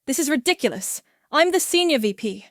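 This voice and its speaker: A woman's voice: high-pitched, lively intonation, brisk, dry recording, studio quality, voice pushed up. A woman voicing an arrogant male senior executive who snarls and blusters in a storybook reading. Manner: snarling, later stammering.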